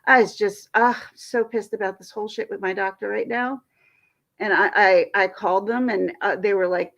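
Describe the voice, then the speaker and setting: Woman streamer, gravelly, chatty and frustrated, rambling, dull lo-fi audio. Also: mid-range voice, steady tone, moderate pace, fairly bright tone. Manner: venting, frustrated, rambling with restarts. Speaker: livestream host. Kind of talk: casual livestream chat.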